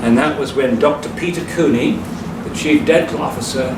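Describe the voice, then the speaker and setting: A man's voice: fairly high pitch, normal speed. A man giving a public lecture in a hall, emphatic and scornful, laughing at his own jokes. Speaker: speaker. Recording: echoey hall from far off, noisy.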